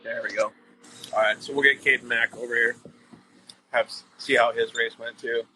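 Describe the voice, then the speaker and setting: A man's voice: medium pitch, fairly even intonation, moderate pace, pushed and bright, a little hiss or hum, rough recording. A man hosting a casual live-stream chat show, enthusiastic and rambling with lots of fillers. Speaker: show host.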